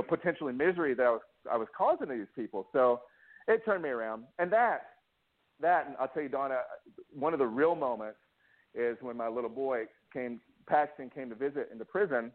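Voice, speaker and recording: A man's voice: medium pitch, phone-quality sound. A man being interviewed, telling his own story with lots of restarts and acted-out quotes. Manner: emotional, restless, many restarts and acted-out quotes. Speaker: interview guest. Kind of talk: candid personal storytelling.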